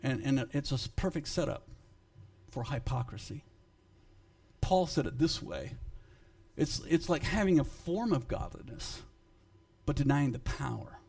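A man preaching a sermon to his congregation, emphatic and swinging in loudness, halting and repeating words when he speaks off the cuff. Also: medium pitch, animated, creaky. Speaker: pastor.

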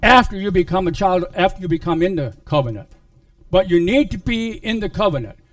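A man preaching a sermon, retelling a Bible story in a halting way with many restarts. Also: high voice, animated, no room sound, distant mic.

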